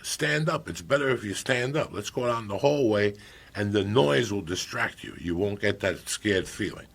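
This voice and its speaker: A middle-aged man's lowish, gravelly and husky voice carries a profane comic podcast story at a moderate pace. His telling alternates between loud, animated bursts and hushed moments.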